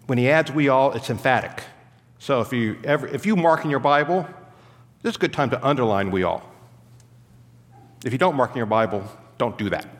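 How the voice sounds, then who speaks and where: A man preaching from the pulpit, explaining the Greek text verse by verse. His voice sits at a middle pitch and comes back with a long reverb from a large sanctuary. He pushes hard on key words. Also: expressive, fairly quick, pauses often. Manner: teaching, emphatic, stops to explain Greek grammar. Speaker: pastor. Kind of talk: expository sermon.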